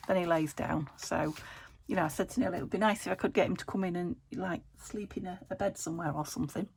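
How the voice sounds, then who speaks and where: Chatty British woman with a gravelly voice. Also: on the low side, fairly even intonation, fast, darkish tone. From United Kingdom. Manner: rambling, thinks aloud, laughs often. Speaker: crafting channel host. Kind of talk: chatty crafting vlog. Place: home craft room.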